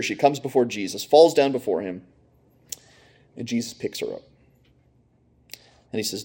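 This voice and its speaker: A man's voice: medium pitch, expressive, moderate pace, pauses often, mellow, husky. A man preaching a conversational sermon, storytelling with casual asides to his listeners. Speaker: preacher teaching a lesson.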